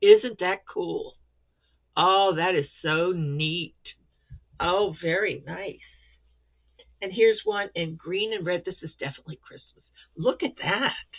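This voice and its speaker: A woman's voice: lowish voice, slow. Gushing woman crochet vlogger, tinny sound. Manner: gushing, excited, chatty. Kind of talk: casual show-and-tell chat.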